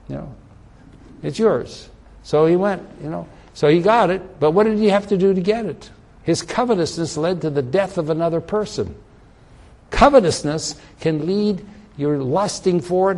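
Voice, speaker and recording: A man's voice: fairly high pitch, creaky, a little mellow. A man preaching a sermon, telling a story and acting out its characters' lines with emphatic rises. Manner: storytelling, acts out voices in quotes, emphatic rises.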